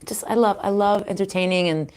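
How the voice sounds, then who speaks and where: A middle-aged woman chatting through a live spiritual reading. She talks in a frank, unfiltered way, with the odd swear word and frequent laughter. Her voice sits at an ordinary pitch for a woman. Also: brisk, a little mellow. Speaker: spiritual reader. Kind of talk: casual live reading chat.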